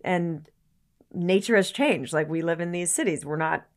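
A woman's voice: on the low side, moderate pace. A woman as a podcast guest, talking earnestly in casual conversation, often searching for words and swearing casually.

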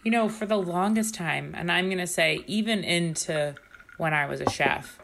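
Woman co-host, pitched slightly low, self-mocking and frank, loose podcast banter. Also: moderate pace, vocal fry, a bit bright, slight background noise. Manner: joking, self-deprecating and candid. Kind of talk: casual chat.

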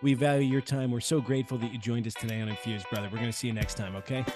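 A man's voice: mid-range voice, level tone, rapid-fire, loud music behind the voice. A man hosting a podcast, signing off a guest in a casual and enthusiastic way. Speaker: podcast host.

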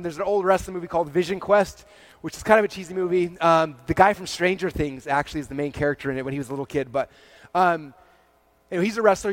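A man delivers a rapid-fire motivational keynote to a live audience. His voice sits slightly high for a man, and he fills it with "like" and frequent "okay?" and "right?" check-ins. The sound is dry and close. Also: dry recording. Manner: heavy use of "like" as a filler. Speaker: speaker presenting to a live audience.

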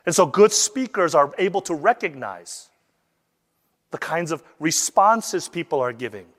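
A man teaching how to deliver a sermon, lively and acting out the voices he quotes. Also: on the high side, a little slow, long reverb tail. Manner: animated, acts out quoted voices. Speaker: preaching instructor.

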